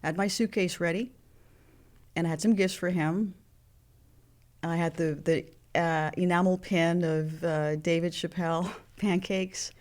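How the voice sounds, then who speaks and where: A woman's voice: lowish voice, unhurried. A woman in her sixties, a guest telling candid personal stories in an interview, acting out the phone calls she recounts. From Mexican heritage. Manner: animated, acts out phone calls in quoted voices.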